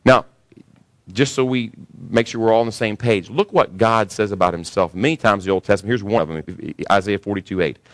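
A pastor delivering a sermon in a lowish male voice that climbs sharply when he gets worked up. The sound is dry and close, with almost no room around it. He talks straight to the congregation, emphatic and questioning. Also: fairly quick, dry recording. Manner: animated preaching that rises high when voicing others.

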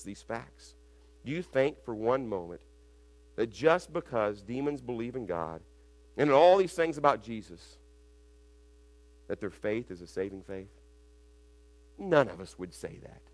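A man preaching an expository sermon, stumbling and restarting over words, then building up to loud, emphatic recitations of scripture. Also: lowish voice, expressive, normal speed. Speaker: pastor.

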